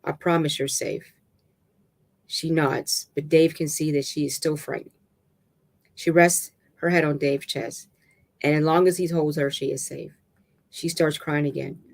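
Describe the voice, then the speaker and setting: Halting storyteller reading a novel. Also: mid-range voice, steady tone, creaky. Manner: halting reading with restarts and stumbles. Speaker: narrator.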